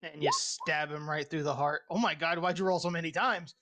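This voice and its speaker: A man's voice: fairly high pitch, normal speed, bright, forceful tone. A man acting as dungeon master, narrating outcomes of a tabletop game and laughing often.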